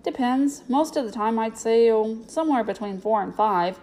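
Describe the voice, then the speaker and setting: A woman reading aloud, voicing a cheerful, kindly circus clown who talks smoothly and jovially. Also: fairly high pitch, expressive, normal speed, mellow. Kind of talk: storybook reading.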